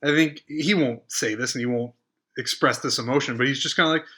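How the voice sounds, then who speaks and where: A man's voice: mid-range voice, fairly quick, pushed and bright. A man co-hosting a podcast, giving his opinions in a thoughtful, hedging way. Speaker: podcast co-host. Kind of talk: casual podcast banter.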